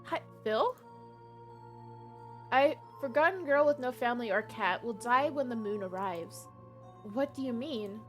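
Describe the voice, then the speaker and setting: A woman's voice: fairly high pitch, expressive, unhurried, long pauses, soft background music. A woman streaming a game live, chatting casually and reading game text aloud.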